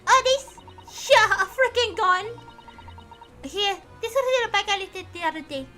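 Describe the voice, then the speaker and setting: A brash young street pickpocket with slangy swagger, as a woman game streamer voices her. The voice sits very high and sounds sharp and bright. Faint music plays behind. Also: animated, normal speed, exaggerated voice. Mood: cocky.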